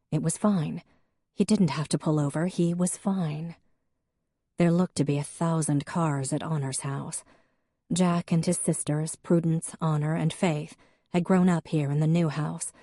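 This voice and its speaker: A woman narrates an audiobook in a low voice, telling the story in a measured, even manner. The scripted narration has a dry, studio-quality recording.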